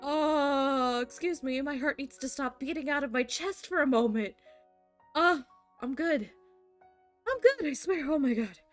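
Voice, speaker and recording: A woman's voice: high voice, measured pace, soft background music. A woman streamer chatting casually and animatedly, laughing and swearing freely between reading passages. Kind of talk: casual live-stream chat.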